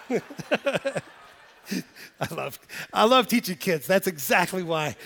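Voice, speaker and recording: A man preaching a sermon, animated, with emphatic rises and hushed drops. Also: sits high, big-room sound. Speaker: pastor.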